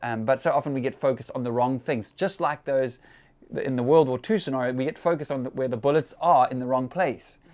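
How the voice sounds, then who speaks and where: A man's voice: mid-range voice, fairly quick, darkish tone. Chatty man giving a church talk. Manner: conversational, chatty with laughs and fillers.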